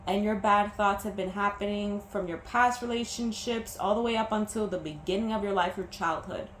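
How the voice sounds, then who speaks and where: In a personal vlog, a young woman talks about her breakup at a moderate pace in a mid-range voice, teary and sniffling, stumbling and starting over as emotion takes hold. The room echoes, with faint background noise.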